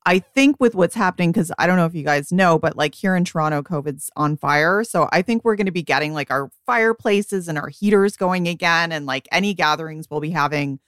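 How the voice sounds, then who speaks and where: Chatty woman with a smooth, dry voice. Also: fairly low pitch, a little fast, hardly any pauses, dry recording. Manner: chatty, animated, quotes herself in asides. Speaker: podcast co-host, beauty editor. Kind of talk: casual chat.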